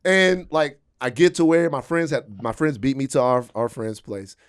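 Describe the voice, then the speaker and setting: A man hosting a podcast, telling stories in a casual, animated way and swearing freely. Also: mid-range voice, normal speed, smooth. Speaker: podcast host. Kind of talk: casual chat.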